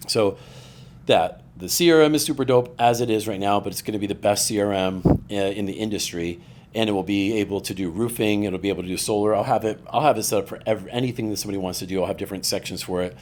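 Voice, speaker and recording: A man's voice: on the low side, quick pace, a little hiss or hum. A man guesting on a podcast, chatting casually and acting out quotes as he tells stories. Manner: animated storyteller, acts out quoted voices. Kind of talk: casual chat.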